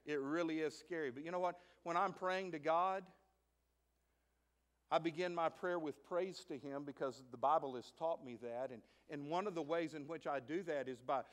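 A middle-aged male pastor preaching a sermon in an animated way, moving from hushed asides to loud, emphatic lines. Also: fairly high pitch. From United States. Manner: acts out a child's voice in stories.

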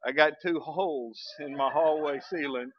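A man, a pastor telling a story in a sermon, folksy and animated. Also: fairly high pitch, moderate pace, slightly rough, no room sound, dull audio. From Arkansas, US. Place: church sanctuary.

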